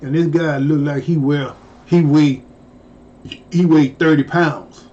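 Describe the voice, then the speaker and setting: Brief: slow-talking man with a high voice, profane storyteller who bursts into loud yelps, dull lo-fi recording. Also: fairly even intonation. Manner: exclaims loudly, jumping high in pitch and swearing. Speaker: storyteller vlogger. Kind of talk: casual profane storytelling monologue.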